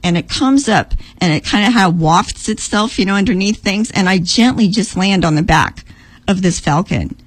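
A woman's voice: moderate pace, breathy edge, dry recording, poor audio. A middle-aged woman telling a vivid dream with emotion, acting out her own words in a raised voice. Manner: animated, acts out her own lines in a higher voice. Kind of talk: emotional storytelling.

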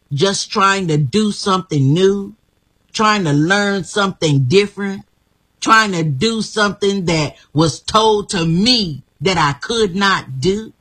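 A woman's voice: medium pitch, pushed and bright, rough recording. A woman guest telling her life story in an emphatic, repetitive, motivational way. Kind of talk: inspirational personal story.

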